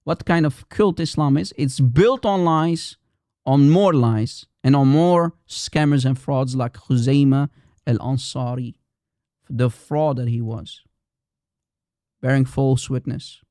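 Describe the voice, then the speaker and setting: A man's voice: mid-range voice, slow pace, mellow, no room sound, studio quality. Combative man hosting a live stream. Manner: combative, repetitive, challenging. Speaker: livestream host. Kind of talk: heated live-stream polemic.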